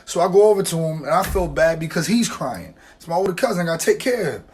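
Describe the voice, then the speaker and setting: Young guy telling a funny story, kinda high voice, swears a lot, jumps into everyone's voices. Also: fast. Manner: animated, profane, acts out quoted voices. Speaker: vlogger. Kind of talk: comedic storytelling to camera.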